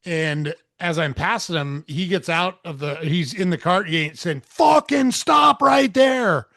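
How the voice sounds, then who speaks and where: Podcast host, man, fairly high voice, casual storyteller with loose swearing, dry close sound. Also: steady tone, normal speed, fairly bright tone, no room sound. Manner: laid-back, swears casually, acts out dialogue.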